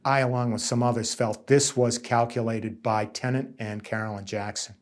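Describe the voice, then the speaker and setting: A middle-aged man from central Massachusetts speaks in an interview as a nursing union negotiator. He talks emphatically, doubles back on his words and slips into the voices of the people he describes. His voice sits at an ordinary middle pitch. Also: level tone, moderate pace. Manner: emphatic, repeats himself, voices others' words. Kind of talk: interview answers, reflective storytelling.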